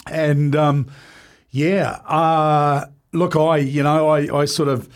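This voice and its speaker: Brief: man, 40s, podcast guest, earnest and halting, slightly high pitch. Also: little pitch movement, clean tone. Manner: earnest, halting, many fillers and restarts. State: emotional at times. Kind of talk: candid conversation.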